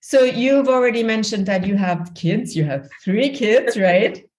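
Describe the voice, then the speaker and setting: A woman's voice: mid-range voice, animated, measured pace, darkish tone. A woman hosting a podcast interview, chatting casually and encouraging her guest, laughing along. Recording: roomy echoey sound.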